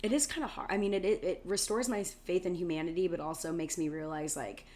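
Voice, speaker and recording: An American woman co-hosting a podcast, chatting casually and telling animated stories, full of "like" fillers and casual swearing. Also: lowish voice, fast talker, a little hiss or hum. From United States. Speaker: podcast co-host. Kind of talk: casual chat.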